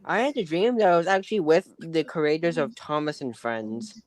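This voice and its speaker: A man's voice: fairly high pitch, sing-song, normal speed. A young man on a livestream, eagerly chatting and offering to do impressions. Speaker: friend on livestream. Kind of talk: casual livestream chat.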